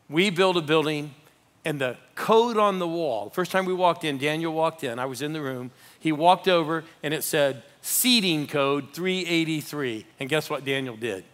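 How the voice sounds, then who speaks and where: An older man preaching a live sermon as a pastor, animated and rallying the congregation with call-outs. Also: a little high.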